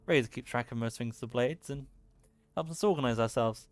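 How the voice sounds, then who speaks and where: A man's voice: mid-range voice, a little fast, dry recording, lightly acted. A man voicing a polite young woman settler in a video game, in his own plain voice.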